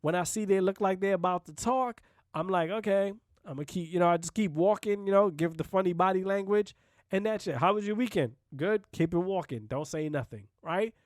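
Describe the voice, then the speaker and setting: Blunt, profane high-voiced male podcaster. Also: brisk, darkish tone, dry recording, clean studio sound. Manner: blunt, profane, conversational, with frequent "you know what I mean" asides. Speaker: podcast host. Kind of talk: casual solo podcast monologue.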